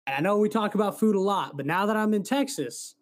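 A podcast co-host chats casually in a high-pitched, expressive voice at a quick pace. He rambles and swears now and then.

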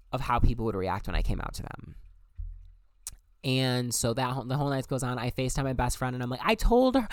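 A man's voice: mid-range voice, clean tone, dry recording, studio quality. A young man telling a personal story in a casual, candid way, swearing freely and acting out his own past thoughts.

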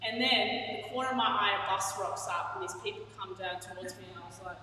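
A woman's voice: medium pitch, fast talker, pushed and bright, a little hiss or hum. A woman preaching a sermon in a candid, chatty way, laughing at herself. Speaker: pastor. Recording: echoey hall, from far off.

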